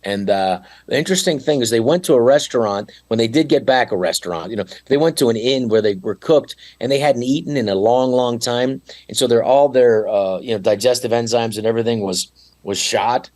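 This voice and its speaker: A man talking as a podcast guest in a rambling, animated way, with frequent restarts. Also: medium pitch, a little fast. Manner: animated, rambling, slips into mock accents. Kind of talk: casual podcast chat.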